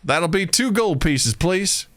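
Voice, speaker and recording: A man's voice: sits high, animated, slow, fairly bright tone, voice pushed up, exaggerated voice. A man voicing a friendly male tavern keeper with an American Southern accent, hospitable and folksy.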